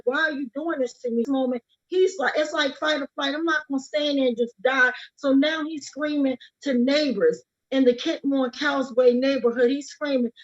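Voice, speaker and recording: A woman speaking urgently and emphatically as an activist, repeating her key words for force. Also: high-pitched. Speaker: activist speaking about her brother's death. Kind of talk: impassioned speech at a livestreamed rally. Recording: lo-fi livestream audio.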